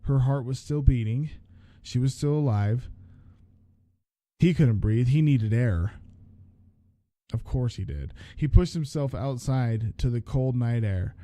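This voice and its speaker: A man's voice: mid-range voice, takes it slowly, mellow, no echo. A man hosting a podcast, reading a horror story aloud, often stopping to restart lines and comment on the text. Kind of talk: story reading with casual asides.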